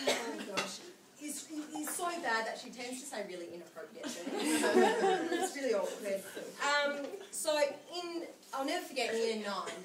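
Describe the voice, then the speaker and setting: A young woman giving a humorous birthday speech, telling stories and laughing often as she speaks. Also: on the high side. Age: young adult. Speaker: speech giver at a friend's 21st birthday. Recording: echoey room, mic far off, noisy.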